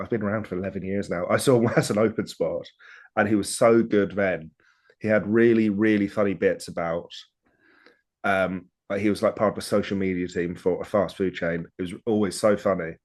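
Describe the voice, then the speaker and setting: A man with a low voice co-hosts a relaxed podcast conversation. He talks eagerly and keeps backing up his partner with quick agreement. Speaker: podcast co-host. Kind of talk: casual podcast chat.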